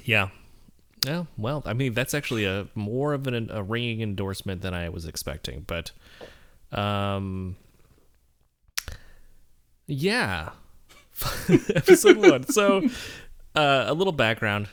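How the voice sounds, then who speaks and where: A man's voice: fairly low pitch, very animated, takes it slowly, pauses often. A man co-hosting a podcast in casual chat, rambling and self-mocking with many fillers. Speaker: podcast co-host.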